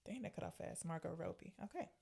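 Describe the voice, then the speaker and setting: A woman's voice: fairly low pitch, quick pace, creaky, warm tone, breathy edge. A woman co-hosting a movie podcast in casual chat, wry and questioning. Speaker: podcast co-host.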